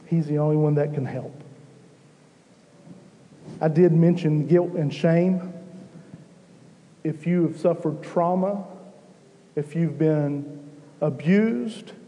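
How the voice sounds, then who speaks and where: A man preaching a sermon to his church, slow and emphatic, rising in intensity at key moments. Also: fairly high pitch, mellow, big-room sound, dull audio. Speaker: pastor.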